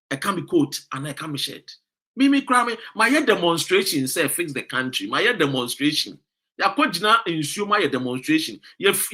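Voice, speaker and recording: A man's voice: high-pitched, sharp tone. A Ghanaian man giving impassioned political commentary. He lectures and scolds his audience with rhetorical questions and reads out viewer comments.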